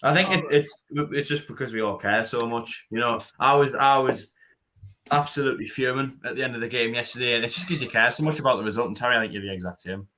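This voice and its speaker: A man's voice: medium pitch, fast, bright, forceful tone, slight background noise. A young man on a fan chat panel, earnest and reasoning things through. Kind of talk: casual live fan chat.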